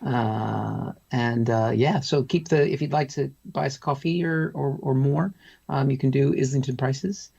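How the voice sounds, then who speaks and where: A man's voice: medium pitch, a little slow, gravelly, darkish tone, breathy edge, lo-fi sound. A man co-hosting a casual comedy news chat, making wry, rambling asides. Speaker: co-host of comedy news show.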